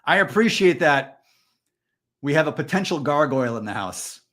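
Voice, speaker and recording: A man co-hosting a candid podcast conversation, telling stories in a loose, animated way with plenty of fillers. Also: a little high, normal speed. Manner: storytelling, animated, frequent fillers. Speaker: podcast co-host.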